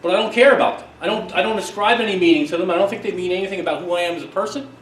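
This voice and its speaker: A middle-aged man giving a conference keynote, telling stories in an emphatic, lively way with quick asides. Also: high-pitched, slight background noise. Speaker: keynote speaker, psychologist. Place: conference hall. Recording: echoey hall, distant mic, faint ambience.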